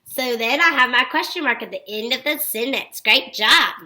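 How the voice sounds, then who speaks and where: Young children get a phonics lesson from a woman whose voice is on the high side and whose speed is normal. She's upbeat, praises them warmly, and reads the example sentences with exaggerated expressiveness.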